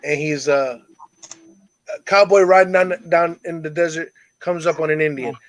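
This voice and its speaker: A man's voice: fairly high pitch, normal speed, dry recording, poor audio. A man in casual chat, telling crude dirty jokes with lots of swearing and acting out the characters' voices. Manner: crude, animated storyteller doing character voices.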